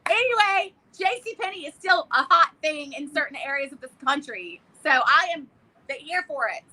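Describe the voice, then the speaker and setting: This actor, auditioning while co-hosting a relaxed live chat, is lively and teasing toward her co-host and does voices for other people. Her voice sits high and she talks at normal speed.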